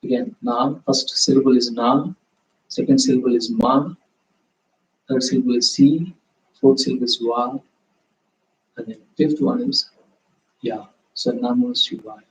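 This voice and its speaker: A man teaching a live yoga class, guiding meditation with slow, calm, gentle instructions. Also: mid-range voice, roomy sound, rough recording.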